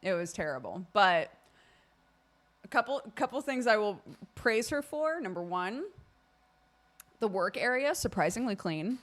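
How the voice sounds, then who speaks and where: A woman streamer telling a casual, expressive story to her live chat, acting out quoted speech. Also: mid-range voice, measured pace, long pauses.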